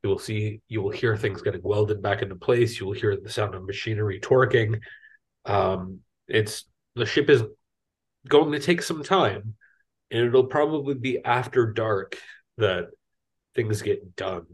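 A man's voice: on the low side, measured pace, breathy edge. A man running a tabletop game as game master, casual and loose with plenty of restarts. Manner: casual, many fillers and restarts.

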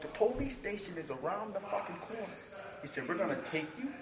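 A man's voice: high-pitched, big pitch swings, a little fast, reverberant, distant mic, very noisy. A man telling a story in casual talk, acting out the voices of the people in it, laughing often and swearing freely. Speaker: podcast guest, combat sports fighter.

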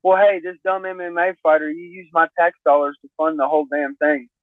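A man's voice: a little high, flat delivery, fairly quick, dry recording. Earnest man on a tinny line. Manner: earnest, emphatic, repeats himself. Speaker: guest. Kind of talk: casual podcast talk. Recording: tinny phone-like line, dry.

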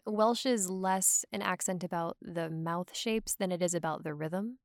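A woman's voice: fairly low pitch, measured pace, no room sound, clean studio sound. A woman talking in a casual chat, full of "like" and "um" fillers. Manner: chatty, lots of "like" and "um" fillers.

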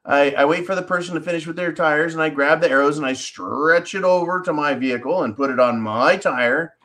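A man's voice: on the high side, brisk, fairly bright tone. A man hosting a podcast, talking in a blunt, profane, riled-up way as he tells a personal story to his listeners. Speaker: podcast host. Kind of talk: casual monologue and storytelling.

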